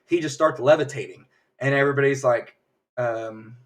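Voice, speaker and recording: A man's voice: medium pitch, distant mic. Rambling man recapping a show. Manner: rambling, acts out characters' lines in quick voices. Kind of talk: casual spoiler recap. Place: home streaming setup.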